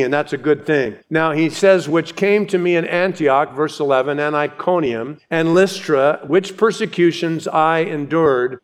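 An older man preaching an expository sermon as a pastor, earnest and emphatic, slowing down to read scripture aloud. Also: fairly high pitch, clean tone.

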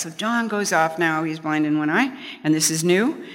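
A woman's voice: deep voice, moderate pace, in a large hall. A middle-aged woman giving a conversational Bible teaching, telling personal stories with chatty restarts. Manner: chatty storytelling, frequent restarts, light laughs.

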